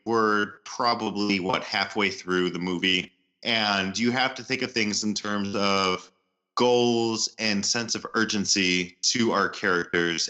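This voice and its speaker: Man co-host, bright, animated, analytical chat. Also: fairly low pitch. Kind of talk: casual chat.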